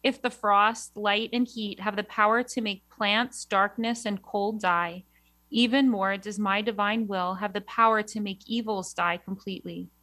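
A woman from New York, a religious sister, chatting with a laugh and then reading aloud in a measured devotional way. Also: mid-range voice, fairly even intonation, sharp tone, dry recording.

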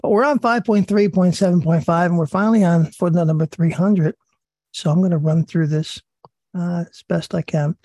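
Raspy-voiced man leading a religious study. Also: sits high, steady tone, warm tone, no echo. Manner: earnest, repeats himself, pauses with fillers. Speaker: study group leader. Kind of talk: religious study talk, reading and commenting.

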